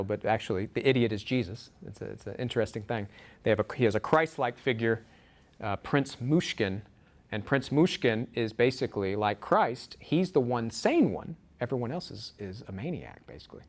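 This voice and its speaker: A man preaching a sermon, telling a story with frequent restarts and repeated words, his pitch rising on emphasized words.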